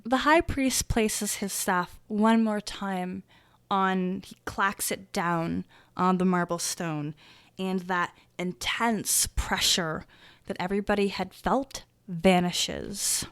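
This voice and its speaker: Woman game master, slow descriptive narration. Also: mid-range voice, steady tone, a bit bright, clean tone, no echo. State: recovering from a lost voice.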